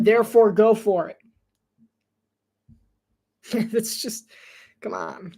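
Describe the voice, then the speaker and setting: A man's voice: extremely high pitch, slow pace, pauses often, a little mellow. A man doing casual live play-by-play commentary on his own, chatty and self-deprecating and laughing often. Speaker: solo sports commentator.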